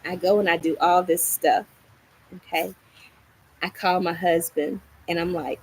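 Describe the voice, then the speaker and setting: A middle-aged woman hosting a gardening livestream, telling a story in a casual, animated way and acting out the lines she quotes. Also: moderate pace, a little hiss or hum, low-quality recording. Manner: animated, acts out quoted lines with rising pitch. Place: small home patio garden, outdoors.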